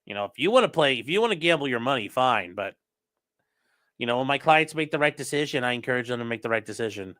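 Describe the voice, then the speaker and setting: A man's voice: mid-range voice, lively intonation, fast, a bit bright. A man, a lawyer, chatting casually on a livestream and answering viewer comments before trial footage. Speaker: lawyer streaming a trial with live chat.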